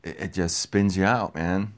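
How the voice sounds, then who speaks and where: A young man talking in a casual, rambling monologue, repeating himself, getting excited and swearing offhand. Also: sits low, moderate pace. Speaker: podcast host.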